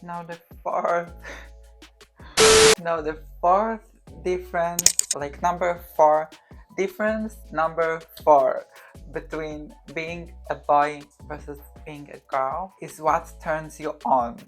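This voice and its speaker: A woman's voice: low-pitched, fairly even intonation, takes it slowly, music in the background. A young woman in her twenties hosting a casual comedic vlog, chatty and loose with frequent swearing. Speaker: vlogger.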